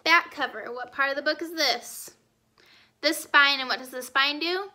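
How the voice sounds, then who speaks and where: A woman's voice: high voice, moderate pace, sharp tone. A young woman teacher leading a children's read-aloud lesson, asking and answering cheerful questions.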